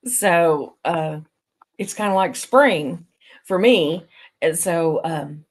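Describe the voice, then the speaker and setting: A woman's voice: lowish voice, lively intonation, slow pace. A woman with a Southern accent rambling casually on a live stream, a little nasal from allergies, laughing often. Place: bedroom of a vacation stay.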